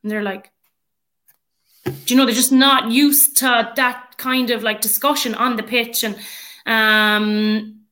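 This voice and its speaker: Bright-voiced Irish woman, chatty. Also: on the high side, fairly even intonation, slow, pauses often. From Ireland. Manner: chatty, many fillers, laughs often. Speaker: guest, rugby player and coach. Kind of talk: casual podcast chat.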